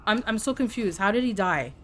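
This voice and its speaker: A woman streaming a game live, chatting excitably with her viewers as she plays. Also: medium pitch, a little fast, a little hiss or hum. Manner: excitable, chatty, talks to chat. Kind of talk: live gameplay commentary.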